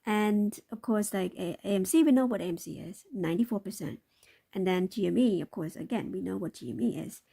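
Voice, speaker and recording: Hosting a live stream, a woman comments on market clips loosely and repetitively, often tagging her points with a question. Her medium-pitched voice is gravelly, dark and slightly rough, and she talks a little fast.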